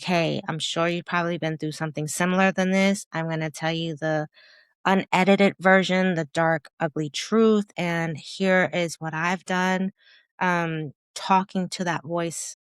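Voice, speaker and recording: Woman in her 50s, podcast guest, lowish voice, animated storyteller, dry close mic. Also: smooth, no room sound. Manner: animated storytelling, voices her own past thoughts, laughs often. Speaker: podcast guest, business founder. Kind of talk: candid interview chat.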